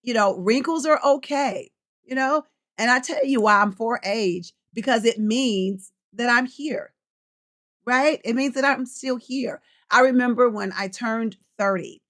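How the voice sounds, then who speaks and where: A woman's voice: on the high side, fairly bright tone. A middle-aged woman coaching and hosting a casual livestream, chatting freely, reading out viewer comments and laughing often.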